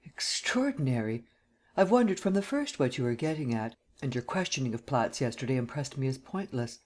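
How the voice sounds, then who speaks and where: A man's voice: mid-range voice, expressive, fairly quick, darkish tone, natural voice. Male narrator plays a cold, terse middle-aged district attorney in an audiobook. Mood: troubled.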